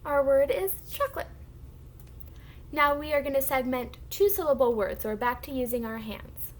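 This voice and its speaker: A woman teacher giving a recorded phonics lesson to young children, sounding out words slowly and clearly for them to repeat. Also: high voice, expressive.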